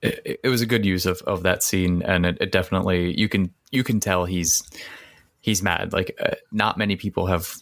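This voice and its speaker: Deep gravelly man, halting speech. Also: steady tone, fairly bright tone, dry recording, clean studio sound. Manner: halting, repeats words. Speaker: podcast co-host. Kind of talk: casual podcast discussion.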